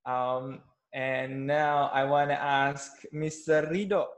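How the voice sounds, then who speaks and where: A man's voice: mid-range voice, level tone, takes it slowly. A man teaching English pronunciation in an online class over a video call, patient and hesitant, with many fillers and restarts.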